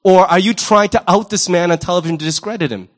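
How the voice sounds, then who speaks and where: High-voiced, animated male pastor. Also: fast. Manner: animated, wry, jumps into quoted voices. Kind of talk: sermon.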